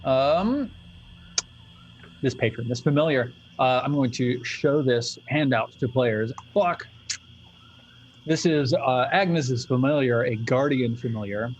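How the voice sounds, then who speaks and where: A man's voice: mid-range voice, takes it slowly, highs cut off, a little hiss or hum. A man narrating as game master in a loose, chatty way.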